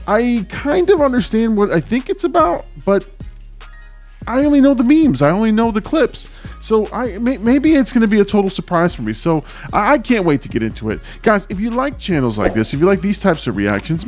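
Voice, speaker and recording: A man hosting a movie reaction channel, talking in an energetic, chatty way. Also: fairly high pitch. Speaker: host.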